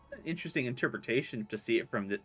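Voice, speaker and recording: A man's voice: mid-range voice, animated, very fast, fairly bright tone, husky, faint music behind. A man hosting a casual gameplay video, chatting loosely as he plays. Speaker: gaming channel host. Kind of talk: casual Let's Play commentary.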